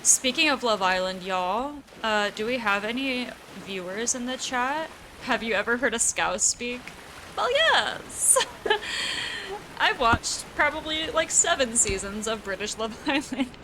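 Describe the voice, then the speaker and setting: A woman's voice: fairly high pitch, lively intonation, unhurried, sharp tone, a little hiss or hum, rough recording. A young woman from the United States with an East Coast accent, chatting casually with her chat while gaming, laughing often and swearing offhandedly. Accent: American East Coast. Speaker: streamer.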